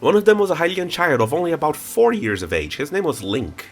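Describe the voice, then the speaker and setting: A man's voice: on the high side, big pitch swings, a little fast. A young man with a stuffy nose giving casual let's play commentary, reading the game's text aloud with playful asides. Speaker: gamer reading in-game text. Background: faint game music.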